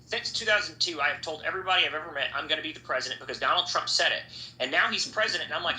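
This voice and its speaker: A young man with a very bright, forceful, slightly high voice rambles on a podcast and swears freely. He is recorded in a roomy, echoey space with a faint hiss behind him. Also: rapid-fire. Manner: profane, rambling, animated. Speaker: podcast host. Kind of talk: casual podcast chat. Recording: echoey room, faint background noise.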